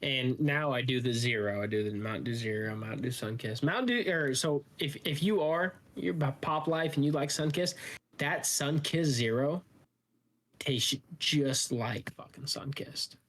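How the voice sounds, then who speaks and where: A Midwestern man co-hosting a podcast in loose, rambling banter. His voice sits at a middling pitch. He swears freely and stretches his stories out. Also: moderate pace, fairly bright tone. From American Midwest. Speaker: podcast co-host. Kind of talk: casual banter.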